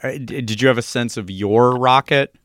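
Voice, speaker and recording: A man's voice: mid-range voice, moderate pace, a bit bright, no echo, studio quality. A man co-hosting a casual podcast, talking with enthusiasm and rambling through restarts. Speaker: podcast co-host.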